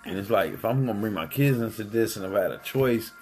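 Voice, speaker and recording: A man's voice: on the low side, lively intonation, fast talker, darkish tone, soft background music. A man in casual chat, telling a family story in a heated, profane way.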